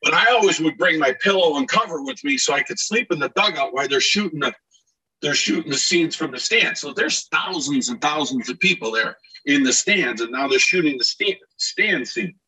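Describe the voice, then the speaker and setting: A middle-aged man from Scranton telling animated anecdotes in a casual podcast chat, acting out shouted quotes. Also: a little high, normal speed, breathy edge, far from the mic, low-quality recording. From Scranton, Pennsylvania. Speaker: podcast guest, actor and DJ. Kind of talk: casual storytelling.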